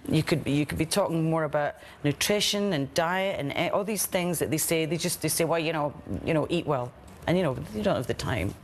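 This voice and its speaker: A woman who was a patient, telling her story in an interview in a chatty, animated way, with many fillers. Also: deep voice, brisk, hardly any pauses, slight background noise. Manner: chatty and animated, acting out the people she quotes. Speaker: former patient.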